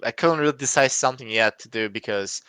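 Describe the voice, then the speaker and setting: Bright, clear-voiced man thinking aloud. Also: mid-range voice, no room sound. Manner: halting, restarts often, thinks aloud. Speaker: game developer. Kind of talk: casual podcast chat.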